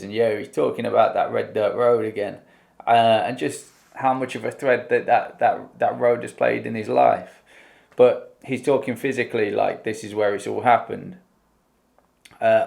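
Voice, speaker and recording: A man's voice: on the low side, creaky, darkish tone. A man from the UK talking casually and enthusiastically as he reacts to a song and goes through its lyrics, with lots of fillers. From United Kingdom. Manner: enthusiastic, rambling, many fillers. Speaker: music reaction host.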